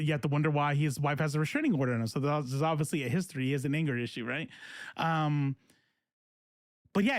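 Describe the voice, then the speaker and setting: A man's voice: on the high side, no room sound. A man on a close, dry mic, voice sitting a bit above the usual male range. He hosts a loose political commentary show and rambles, swears freely and restarts his sentences, filling gaps with "um" and "like". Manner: rambling, profane, many fillers and restarts. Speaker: host.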